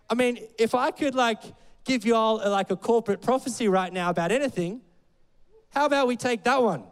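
This pastor's voice is high, with lively intonation and a slightly fast pace, and it echoes through a large hall. He delivers a casual sermon in a relaxed, chatty way, scattering fillers and playful asides throughout.

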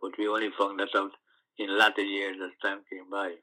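An older man from the West Indies, recalling his past in an oral history interview, telling stories with halting restarts. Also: fairly low pitch, low-quality recording. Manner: storytelling, animated recollections with halting restarts.

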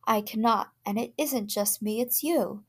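A woman's voice: unhurried, breathy edge. A woman doing a tense, fearful housewife. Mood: anxious. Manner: tense, pleading, higher than her narration.

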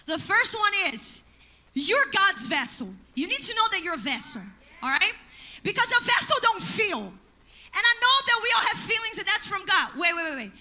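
Sharp, high-voiced woman preaching. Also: a little hiss or hum. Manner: emphatic preaching with call-and-response asides. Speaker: pastor. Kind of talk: sermon. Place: church.

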